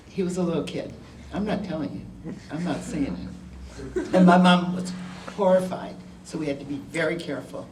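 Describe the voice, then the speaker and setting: Her voice sits low and moves at a moderate pace as the older woman chats with a classroom of students about her own experiences, frank and dryly humorous. It's recorded from a distance in a roomy space with noise behind her.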